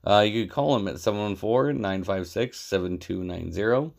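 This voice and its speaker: A young man with a low, gravelly voice chats loosely on a podcast. He rambles and jokes, padding his sentences with fillers. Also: normal speed. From Southern California. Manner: rambling, joking, filler-heavy. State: out of breath. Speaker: podcast co-host. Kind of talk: casual podcast chat and self-read ad.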